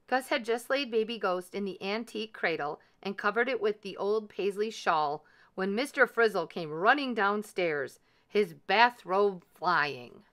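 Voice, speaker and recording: Woman reading a kids picture book, super lively pitch, bright voice. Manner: expressive, animated. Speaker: storybook reader.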